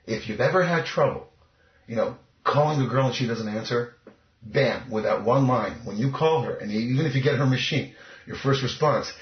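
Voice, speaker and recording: A man's voice: medium pitch, normal speed. A man talking as a dating coach in an interview, cocky and emphatic. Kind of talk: casual interview talk. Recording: echoey, muffled lo-fi recording.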